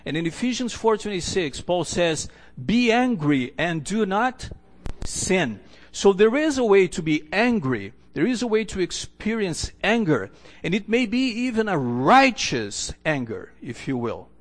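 A man's voice: high voice, sing-song, unhurried. A man preaching a sermon in an earnest, storytelling way, often restarting his phrases. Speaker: pastor.

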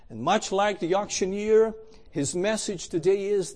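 A man's voice: sits high, unhurried, a little mellow. A man telling a story in a sermon, with a dramatic and emphatic delivery. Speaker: preacher.

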